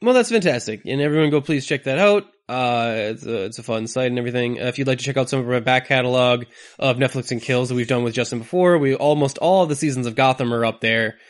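A man's voice: mid-range voice, quick pace. A man hosting a casual podcast, talking in a chatty way with laughing asides. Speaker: podcast host.

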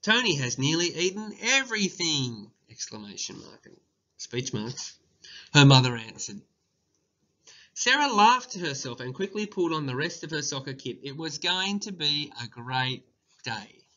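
Male teacher, fairly high bright voice, slow careful dictation, dull lo-fi recording. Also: very animated. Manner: slow, deliberate dictation with spoken punctuation. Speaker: primary school teacher. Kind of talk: dictation and lesson for children.

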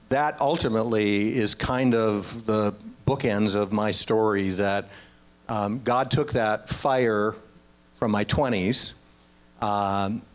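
Man, 60s, low voice, earnest storyteller, quotes conversations. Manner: earnest, anecdotal, with quoted dialogue. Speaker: guest. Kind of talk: casual storytelling.

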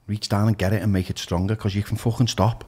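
A man's voice: lowish voice, little pitch movement, fast talker, a little mellow, breathy edge. A middle-aged man with a Liverpool accent, speaking frankly and emphatically as a podcast guest, swearing freely. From Liverpool, England. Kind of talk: candid podcast conversation.

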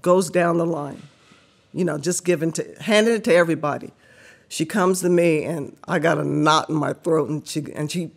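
Low and husky, this middle-aged woman's voice carries an animated story as a podcast guest; she laughs frequently and mimics the people she quotes.

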